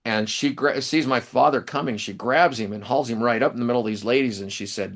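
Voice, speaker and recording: A middle-aged man recounts stories as an interview guest in a rambling, halting way, often restarting his sentences. His voice sits in a middle pitch for a man. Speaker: interview guest, author and professor. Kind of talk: storytelling in a casual interview.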